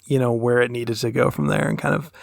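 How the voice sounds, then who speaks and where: A man's voice: mid-range voice, flat delivery, fast talker, gravelly, no echo, studio quality. A man co-hosting a podcast, talking in a thoughtful, analytical way with long, winding sentences. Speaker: podcast co-host. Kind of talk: casual podcast discussion.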